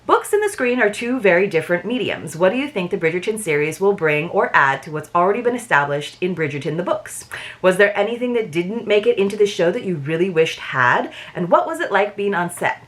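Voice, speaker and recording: A woman's voice: fairly low pitch, very animated, fairly quick. A young adult woman chatting informally while unboxing a book subscription, with frequent 'like' and 'um'. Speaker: book box reviewer. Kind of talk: casual unboxing vlog.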